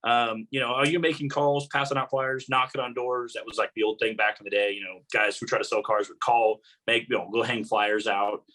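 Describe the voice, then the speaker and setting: A man's voice: medium pitch, steady tone, a little fast, few pauses, sharp tone, rough recording. A man being interviewed as a guest, telling rambling anecdotes with many fillers in casual talk. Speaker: guest, motorsport announcer.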